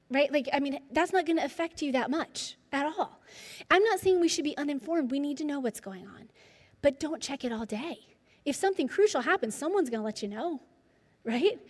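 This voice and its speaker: A woman in her forties with a high voice gives a counseling talk to a group, animated and quick to ask the audience questions. Her voice rings with the long reverb of a hall. She speaks like a counselor leading a presentation.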